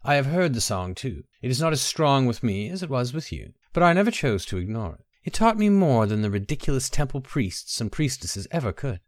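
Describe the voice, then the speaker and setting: A man voicing a secretive, devoted young woman lover in a storybook reading, speaking softly and coaxingly. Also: medium pitch, sing-song, brisk, hardly any pauses, no room sound, clean studio sound, voice pushed up, natural voice. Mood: intent.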